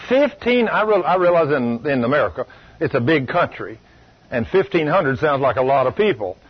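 A man preaching a sermon, telling a story in a folksy, emphatic way that swings between loud bursts and low asides. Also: animated, brisk, breathy edge. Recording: dull lo-fi radio recording.

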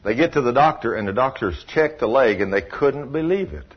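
A man's voice: medium pitch, animated, brisk, breathy edge. A man preaching a sermon in a folksy, storytelling way with emphatic asides. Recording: dull lo-fi recording.

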